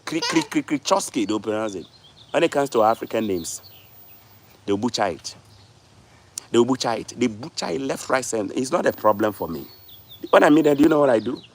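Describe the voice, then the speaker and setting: A man's voice: medium pitch, lively intonation, brisk, long pauses. A man, hosting a casual livestream and lecturing his viewers, repeating words for stress. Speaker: livestream host.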